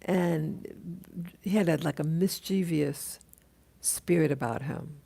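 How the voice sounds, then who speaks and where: Slow, gravelly low-voiced woman rambling. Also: warm tone. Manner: halting, many restarts and fillers. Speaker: vlogger recounting a dream. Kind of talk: casual rambling monologue. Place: live stream, greeting viewers.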